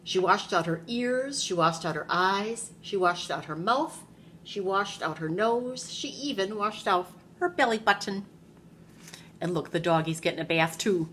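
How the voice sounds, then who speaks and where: A woman's voice: mid-range voice, slight background noise. A woman, a preschool teacher, reading a picture book aloud to young children in a classroom and asking them questions along the way. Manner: animated storytelling, asks the children questions.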